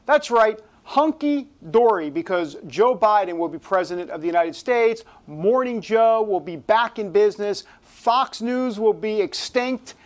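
A man's voice: unhurried, few pauses. Brief: male TV host doing a playful, theatrical monologue. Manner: theatrical, drops into a low ominous voice for effect. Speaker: talk show host. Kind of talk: casual talk show monologue.

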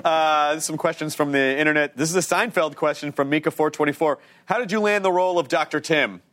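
A man hosting a TV talk show, asking questions in a quick, casual, joking way. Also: fairly high pitch, a bit bright.

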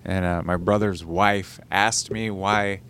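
A man co-hosting a casual chat, speaking in a hesitant, measured way with frequent fillers. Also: low voice, fairly even intonation, fairly bright tone, clear, resonant tone.

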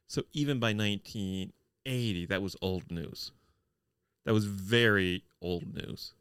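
A man co-hosting a podcast, recapping a TV episode in a wry, deliberate way with deadpan nitpicks. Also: on the low side, clean tone, dry recording, studio quality. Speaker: podcast co-host. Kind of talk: casual chat reviewing a TV episode.

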